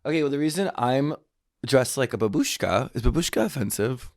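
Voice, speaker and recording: A man's voice: mid-range voice, lively intonation, brisk, vocal fry, darkish tone, no echo, studio quality. A man co-hosting a podcast in casual chat, playful and chatty, leaning on "like" as he tells stories. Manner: playful, chatty, heavy use of "like". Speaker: podcast co-host.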